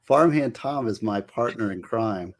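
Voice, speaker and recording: A man's voice: lowish voice, animated, measured pace. A man who works as a public defender, talking in a chatty, opinionated and joking way as a livestream guest. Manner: talkative, opinionated, jokey. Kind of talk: casual livestream chat.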